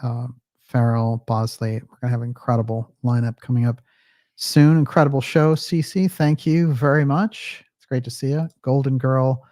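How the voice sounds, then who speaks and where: A man's voice: mid-range voice, steady tone, normal speed, a little mellow, no echo. Chatty man with a dry, close sound. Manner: chatty, reads viewer comments aloud with frequent fillers. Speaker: livestream host. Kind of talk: casual livestream sign-off.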